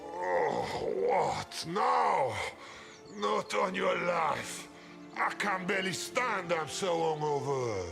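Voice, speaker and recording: Big Bad Wolf, gravelly and slow. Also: male voice, sits high, expressive, full character voice. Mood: grumpy. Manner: grumbling, drawn-out, theatrical. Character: gruff hungover male wolf, cranky and sarcastic. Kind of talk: video game voice acting. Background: game music.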